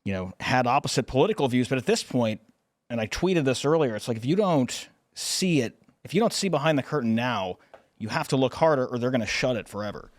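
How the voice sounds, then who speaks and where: A man's voice: medium pitch, animated, a little fast, dry recording. Man, talk show co-host, casual, hesitant, dry close mic. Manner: casual, hesitant, filler-heavy. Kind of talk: political talk show discussion.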